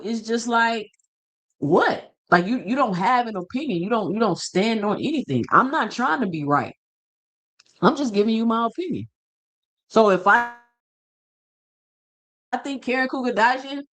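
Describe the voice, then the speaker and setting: A man's voice: extremely high pitch, fairly bright tone. A man hosting a boxing show, ranting casually and emphatically to camera, firing off rhetorical questions and repeating himself. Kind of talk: casual opinion rant to camera.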